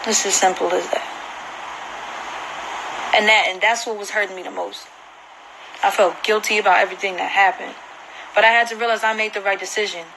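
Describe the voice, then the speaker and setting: A woman's voice: medium pitch, steady tone, a little fast, vocal fry, pauses often, noisy background. A woman vlogger giving an emotional personal account to camera, earnest and repeating herself for emphasis. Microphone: phone screen recording.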